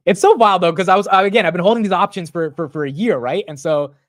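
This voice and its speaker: A man in his twenties hosting a casual live market stream, rambling and excitable, often saying bro and dude. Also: sits high, fast talker, no echo. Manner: rambling with frequent restarts. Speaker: stock market livestream host.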